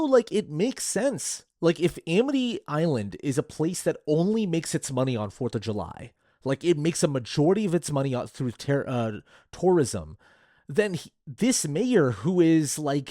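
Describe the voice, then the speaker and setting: A man's voice: fairly high pitch, dry recording, clean studio sound. A man co-hosting a casual movie podcast, rambling with lots of fillers. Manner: animated, rambling with many fillers. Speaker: podcast co-host.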